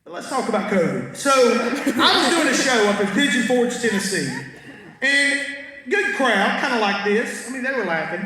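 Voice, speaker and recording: A stand-up comedian with a very high, animated voice tells folksy stories full of punchlines and asides to the crowd, speaking at a normal speed in a pushed, bright tone. The stage mic is heard from far back in the audience of a large concert hall, so the live-crowd recording is echoey.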